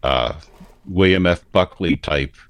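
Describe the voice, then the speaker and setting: Deep-voiced man with standard American accent. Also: takes it slowly, fairly bright tone, no echo. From United States. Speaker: commentator. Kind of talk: casual discussion.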